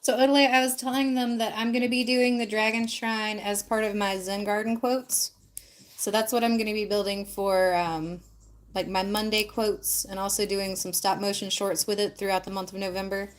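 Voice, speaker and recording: A woman hosting a relaxed livestream, chatting loosely and directly with her viewers, with plenty of ums and likes. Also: mid-range voice, normal speed. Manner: loose, filler-heavy talk with frequent ums and likes. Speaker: livestream host. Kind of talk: casual livestream chat.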